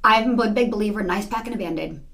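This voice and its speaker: A woman teacher chatting in an interview, her words tumbling out fast. She tells stories with lively, animated energy and a middle-range voice. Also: mid-range voice. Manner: animated, quick storytelling. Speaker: second grade teacher. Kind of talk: casual interview chat.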